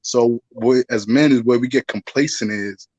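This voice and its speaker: A man's voice: medium pitch, normal speed, darkish tone, no room sound, muffled recording. A man co-hosting a casual podcast, giving advice in a preachy way and often asking if listeners follow him. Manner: preachy, advice-giving, asks "you know what I'm saying".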